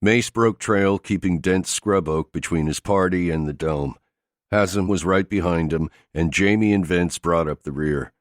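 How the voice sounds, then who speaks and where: A man reads an action thriller audiobook in a steady, gritty delivery. His voice sits very deep, and the recording is close and dry with no room echo. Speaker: audiobook narrator. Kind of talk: scripted narration of an action thriller.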